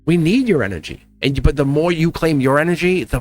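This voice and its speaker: A man giving a casual tarot reading to his viewers, warm-hearted and emotional, with frequent laughs and asides. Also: a little high, fast talker, soft background music. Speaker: tarot reader.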